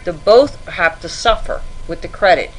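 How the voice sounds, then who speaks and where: A woman's voice: lowish voice, expressive, moderate pace, a little hiss or hum, rough recording. A middle-aged woman, a podcast guest, giving earnest, cautionary advice about credit. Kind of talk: podcast interview.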